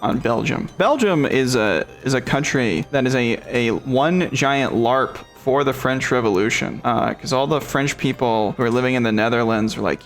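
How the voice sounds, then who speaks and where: Gravelly joking man narrating gameplay. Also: mid-range voice, brisk, few pauses, soft background music. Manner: joking, irreverent, laughs often. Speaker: gameplay commentator. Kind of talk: casual strategy-game commentary.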